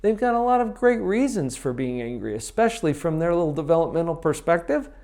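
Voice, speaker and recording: A middle-aged man giving a parenting lesson, emphatic, slowing down to stress key phrases. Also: on the high side, sing-song, mellow. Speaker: parenting coach. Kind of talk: instructional talk to camera.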